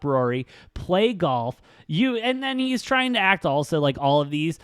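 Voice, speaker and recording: A man's voice: a little high, very animated, unhurried, hardly any pauses, fairly bright tone, clean tone, dry recording, studio quality. A man co-hosting a sports betting show, talking casually and ranting bluntly, with lots of swearing.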